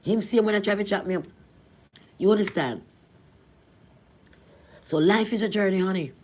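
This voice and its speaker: A middle-aged woman from Jamaica with a Jamaican accent, telling her life story in a rambling, animated way. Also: normal speed. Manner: rambling, animated, rising to cries at high points. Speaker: vlogger. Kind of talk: emotional storytelling.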